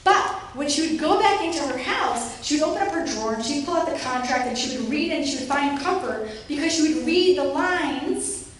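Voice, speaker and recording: A high-voiced woman gives a lively, fairly quick academic lecture, acting out quoted voices with a rising pitch. The recording has a roomy hall echo from a distant mic, plus faint noise.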